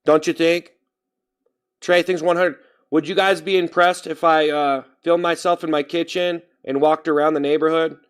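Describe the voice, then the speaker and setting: A man with a fairly high voice rambles through a casual live stream, talking straight to his chat. He keeps tripping over his words, restarting and correcting himself before he finishes a thought. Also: level tone, moderate pace, clear, resonant tone. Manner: talks straight to chat, reading out names.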